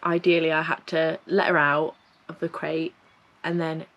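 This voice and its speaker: A woman's voice: sits low, flat delivery, normal speed, fairly bright tone, highs cut off. A woman narrating her own vlog in a chatty, rambling way, with many fillers and self-corrections. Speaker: vlogger. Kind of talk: casual voice-over commentary.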